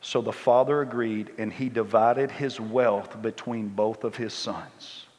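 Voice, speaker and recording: Fiery male preacher in a reverberant church. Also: a little slow. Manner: emphatic, animated, climbs high when worked up. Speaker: guest preacher. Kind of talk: sermon.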